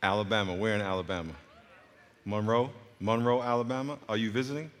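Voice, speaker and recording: A middle-aged pastor from Long Island, New York, greets his congregation in a large church auditorium, teasing and joking with the crowd. His voice is fairly low and fairly quick, with fairly even intonation. The recording has the reverb of a large hall.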